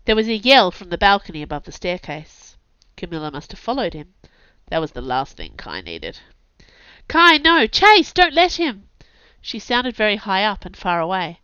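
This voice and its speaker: A woman, an author and podcast host, narrating a story aloud in a lively, expressive way, on a dull lo-fi recording. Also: on the low side, brisk, clear, resonant tone, no room sound. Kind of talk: scripted audiobook narration. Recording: dull lo-fi sound.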